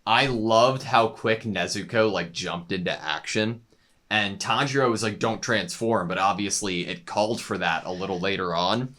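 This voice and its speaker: A man's voice: on the low side, normal speed, bright, forceful tone. A young man co-hosting an anime reaction show, speaking eagerly in a casual discussion and readily agreeing with his co-host.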